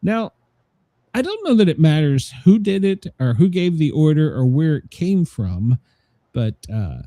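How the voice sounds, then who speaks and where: A man's voice: a little high, big pitch swings, a little slow, warm tone, no echo. A man hosting a casual news commentary show, rambling with many fillers and laughing at his own jokes. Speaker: show host.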